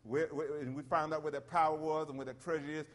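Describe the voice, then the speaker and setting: A middle-aged man preaches with emphatic call-and-response. His voice sits high for a man. The sound carries a long reverb from the church hall. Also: little pitch movement, fast. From South Carolina. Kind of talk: sermon.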